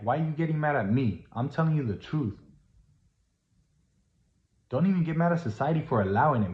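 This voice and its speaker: A man giving a casual, earnest, preachy monologue that repeats itself and grows emphatic. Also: medium pitch. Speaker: vlogger. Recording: roomy, dull lo-fi sound.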